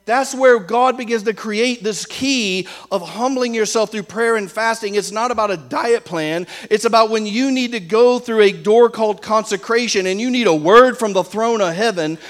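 A man preaching a sermon, emphatic and full of rhetorical questions for the congregation, slowing down to stress key lines. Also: high-pitched.

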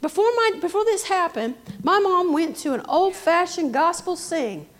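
Fervent high-voiced woman preaching. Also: lively intonation, normal speed. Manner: fervent, rising to shouted praise, interjecting amen and hallelujah. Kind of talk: sermon testimony.

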